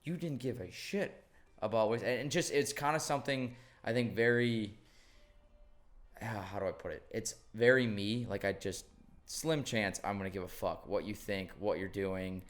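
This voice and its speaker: A young man with a slightly low voice chats on his podcast. He tells stories in a loose, rambling way, full of casual swearing. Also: moderate pace. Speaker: podcast host. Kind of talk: casual chat.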